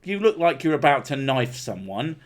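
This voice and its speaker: A man's voice: medium pitch, sing-song, normal speed. A man hosting a casual podcast chat, ranting and swearing freely. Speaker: podcast host.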